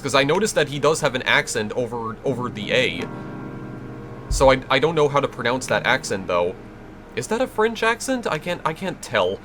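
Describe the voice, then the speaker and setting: Chatty let's play man over game music. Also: medium pitch. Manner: chatty, wry, stumbling restarts. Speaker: game commentator.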